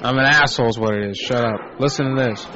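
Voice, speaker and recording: A man's voice: mid-range voice, fast, lo-fi sound, a crowd in the background. A man hosting a prank call internet radio show, talking in a crude, rambling, mocking way.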